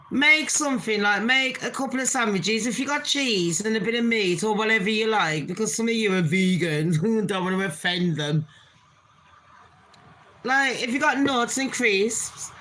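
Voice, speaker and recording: Bright-voiced chatty woman. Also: a little high, poor audio. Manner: chatty, swears freely, laughs often. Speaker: channel host. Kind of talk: casual chat vlog.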